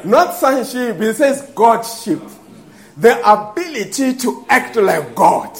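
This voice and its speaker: Fervent high-voiced preacher. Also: male voice, big pitch swings, takes it slowly. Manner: fervent, breaks into shouts and laughing exclamations. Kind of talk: sermon with call and response.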